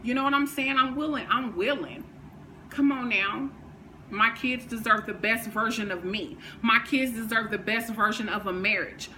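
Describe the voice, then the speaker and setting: A woman, talking candidly on her vlog, emotional and faith-filled, swinging from hushed to fired up. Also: on the high side, unhurried, slight background noise, rough recording. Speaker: vlogger. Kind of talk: candid personal vlog talk.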